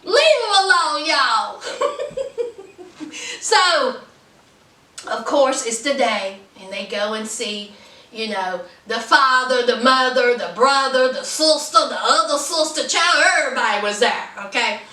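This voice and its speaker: Sassy, high-voiced woman recapping reality TV. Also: takes it slowly, echoey room, distant mic. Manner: chatty, sassy, animated storytelling. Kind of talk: casual recap commentary.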